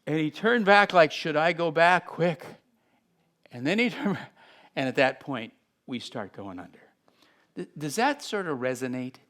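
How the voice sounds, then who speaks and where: A fairly high-voiced, middle-aged man teaching from the Bible. He reads a passage, then breaks off into lively asides, swinging between soft and loud as he acts out the story. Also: normal speed. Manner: animated, acts out scenes with sudden shifts in loudness.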